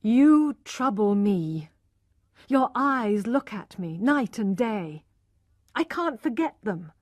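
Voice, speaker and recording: A woman voicing a passionate, pushy young gentleman who has given up preaching, speaking urgently and insistently. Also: medium pitch, sing-song, slow pace, no room sound, clean studio sound. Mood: pleading, insistent.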